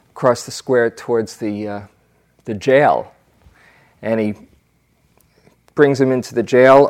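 A man's voice: mid-range voice, a little mellow. A man giving a dharma talk as a meditation teacher, telling stories in a reflective way with fillers. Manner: unhurried, reflective storytelling with fillers.

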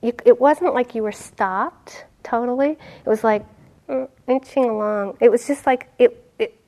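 Laughing, animated woman giving a dharma talk. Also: on the high side, measured pace. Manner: animated storytelling, laughing often, acting out quotes. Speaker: meditation teacher.

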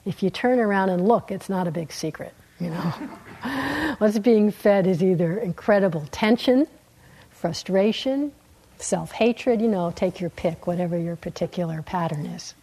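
Woman meditation teacher, slightly breathy voice, mid pitch, gentle dharma-talk delivery. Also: rough recording. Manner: gentle, unhurried, with soft laughs and quiet trailing endings. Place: meditation hall.

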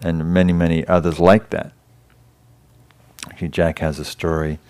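A man with an English accent giving a dharma talk as a meditation teacher, gentle and halting, pausing and restarting as he tells a story. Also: sits low, little pitch movement, clean tone. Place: meditation hall class.

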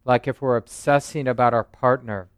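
Smooth-voiced man giving a dharma talk. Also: medium pitch, fairly even intonation, moderate pace, no room sound, clean studio sound. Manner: conversational, frequent "right?" and "you know". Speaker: meditation teacher. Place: meditation center.

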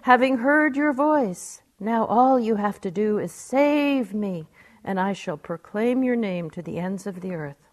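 A woman voicing a desperate woman who hangs from a cliff and shouts, pleading for rescue. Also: mid-range voice, animated, a little slow, lightly acted.

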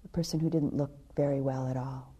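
A woman meditation teacher giving a dharma talk. She tells a story softly, often dropping to a hushed near-whisper. Her voice is low, very dark and husky. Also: steady tone, fairly quick, lo-fi sound. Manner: soft, storytelling with hushed passages.

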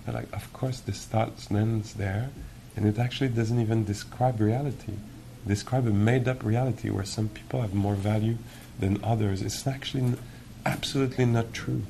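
Low gravelly-voiced male meditation teacher. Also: fairly even intonation, a little hiss or hum. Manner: gentle, reflective, musing with many pauses. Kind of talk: dharma talk. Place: retreat hall.

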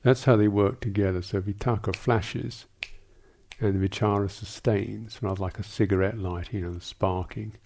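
Gravelly, low-voiced monk giving a dharma talk. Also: male voice, steady tone, a little mellow. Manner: halting, thoughtful, many restarts and asides. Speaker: Buddhist monk teacher. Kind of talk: dharma talk answering questions.

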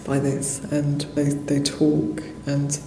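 A Buddhist nun gives a dharma talk in a monastery hall, telling a story conversationally with soft laughs and many fillers. Her low voice is monotone and slow. The recording has roomy hall echo and faint noise.

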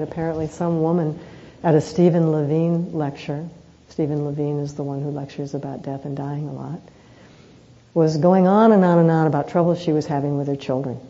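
Woman, meditation teacher, dharma talk, earnest unhurried storytelling, mellow voice, muffled lo-fi sound. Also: deep voice. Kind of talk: reflective dharma talk with personal stories.

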